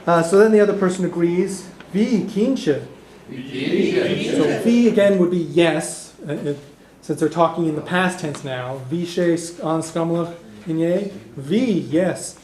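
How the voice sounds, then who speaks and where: A man teaching a beginner language class, explaining step by step and modelling phrases slowly so the class can repeat them. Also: fairly high pitch, a little mellow, a little hiss or hum. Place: community classroom in a heritage house. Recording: echoey classroom recording.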